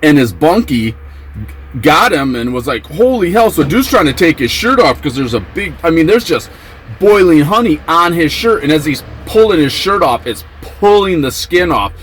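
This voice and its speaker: Animated man telling a prison story. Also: a little high, normal speed, a little hiss or hum, low-quality recording. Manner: animated, acts out quotes with excited yelps. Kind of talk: casual storytelling.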